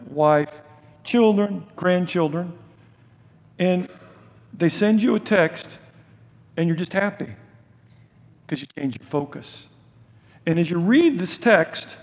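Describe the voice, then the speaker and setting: An older man preaching a sermon in a conversational way, asking his listeners questions and dropping from loud emphasis to soft, low asides. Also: in a large hall. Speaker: pastor.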